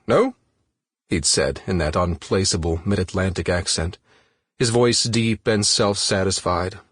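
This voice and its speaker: Male audiobook narrator, low voice, measured steady reading, dry close recording. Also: no echo.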